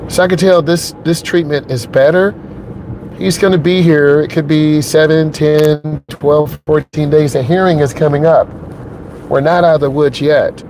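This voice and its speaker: A man's voice: a little high, steady tone, moderate pace, darkish tone, a little hiss or hum. A middle-aged man, a driving instructor, talking earnestly and emotionally to his viewers from inside his truck while driving, repeating his points and checking in with "okay?". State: emotionally shaken.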